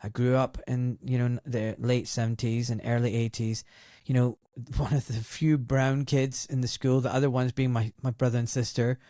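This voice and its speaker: A man in his fifties with a Scottish accent, talking frankly in an interview and slipping into other voices as he tells his story. His voice sits at a middling pitch. The sound is close and dry, with no room around it. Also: normal speed, few pauses, no echo. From Glasgow, Scotland. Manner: lively and outspoken, acts out quoted voices. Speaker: doctor and former surgeon, interview guest.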